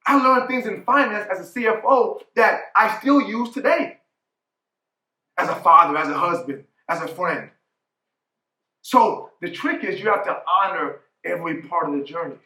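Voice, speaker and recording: A man's voice: sits high, expressive, normal speed, bright, forceful tone, reverberant. A man in his forties giving a motivational keynote talk as a coach, emphatic, often asking "right?". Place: conference hall.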